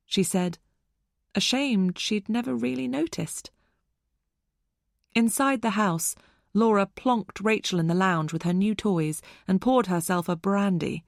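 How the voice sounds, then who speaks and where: This is scripted audiobook narration by a woman with a mid-range voice, steady and measured as she tells the story. The sound is studio quality with no room sound.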